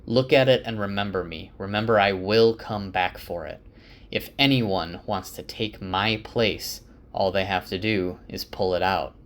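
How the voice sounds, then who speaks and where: In a low voice, a man quickly reads lines for a weary, burdened young male leader as part of a casual summary.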